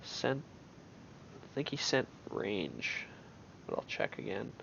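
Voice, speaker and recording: A man's voice: fairly low pitch, very animated, slow, creaky, fairly bright tone, muffled recording, slight background noise. A man giving casual gameplay commentary on his own match, thinking aloud in an offhand way with many restarts.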